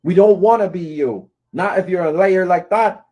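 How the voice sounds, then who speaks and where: Scolding man with a warm voice. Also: high voice, moderate pace. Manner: scolding, taunting, repeats "right?". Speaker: commentator. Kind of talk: confrontational rant to camera.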